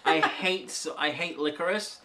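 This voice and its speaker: A woman's voice: low voice, measured pace, background noise. A woman co-hosting a casual chat, rambling through stories and jokingly bragging. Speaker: co-host.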